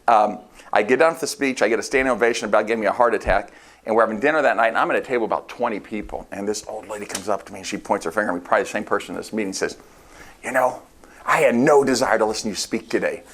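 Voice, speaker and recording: A man with a lowish voice speaks casually to a room of colleagues. He tells stories loosely and acts out other people's quotes. The talk has filler words and restarts. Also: rapid-fire. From United States. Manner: casual, animated storytelling with laughs and acted quotes. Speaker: real estate sales meeting leader. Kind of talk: storytelling talk to a sales meeting. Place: meeting room.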